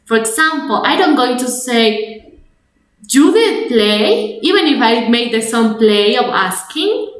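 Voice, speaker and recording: A woman's voice: a little high, lively intonation, a little slow, a bit bright, roomy sound. A young woman with a Spanish accent, a native Spanish speaker teaching an English grammar webinar, explaining step by step with restarts. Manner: explanatory, repeats and restarts, code-switches to Spanish.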